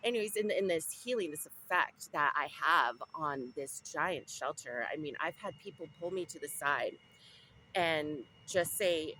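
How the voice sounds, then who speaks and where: A woman's voice: lowish voice, moderate pace, sharp tone, a little hiss or hum, low-quality recording. A young woman from Southern California, talking in a rambling, casual way about her spiritual journey, with many restarts and asides. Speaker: vlogger. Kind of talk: casual spiritual diary talk.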